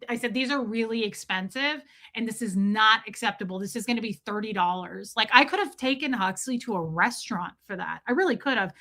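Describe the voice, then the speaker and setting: Bright, animated woman telling a rant. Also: fairly high pitch. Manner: animated, acts out quoted voices, swears when worked up. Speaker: vlogger. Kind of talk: casual storytelling rant.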